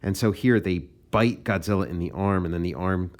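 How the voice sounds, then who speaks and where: A man's voice: low voice, brisk. A comic artist and podcast host walking casually through his own artwork, thinking aloud in a loose, meandering way.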